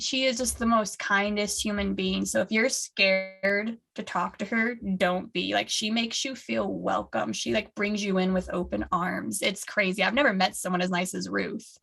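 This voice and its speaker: A woman's voice: medium pitch, vocal fry, a bit bright. A woman co-hosting a fan podcast, chatting in a gushing, casual way with lots of likes and restarts. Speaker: co-host.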